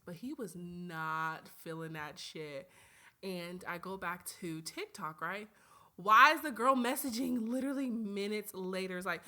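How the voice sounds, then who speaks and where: Young adult woman from Atlanta, solo podcast host, lively and chatty, bright tone. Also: lowish voice, a little slow. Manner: animated, chatty, swings between loud outbursts and quiet asides. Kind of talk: casual solo podcast chat.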